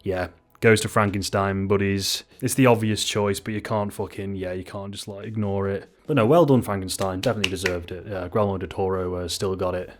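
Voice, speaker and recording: A young man talks through film awards picks in a loose, rambling way, swearing freely and poking fun at himself. His voice sits fairly low but jumps up high when he gets worked up. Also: steady tone, brisk, faint music behind. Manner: rambling, sweary, self-mocking, jumps into sudden high exclamations. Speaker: YouTube film commentator. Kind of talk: casual unscripted film commentary.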